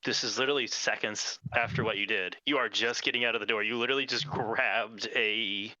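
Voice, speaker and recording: A man's voice: on the low side, fairly even intonation, a little fast, bright, forceful tone, dry recording, muffled recording. A man running a tabletop game as game master, describing scenes and calling for dice rolls.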